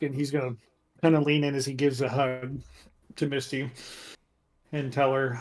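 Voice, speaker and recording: A man playing a tabletop role-playing game, casually describing his character's actions with many pauses and fillers. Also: medium pitch, little pitch movement. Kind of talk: casual play narration.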